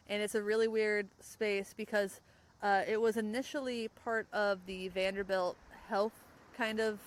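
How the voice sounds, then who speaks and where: A young woman hosting a podcast in casual chat, rambling and quick to laugh. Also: mid-range voice, low-quality recording. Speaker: podcast host. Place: outdoors, in a parked car.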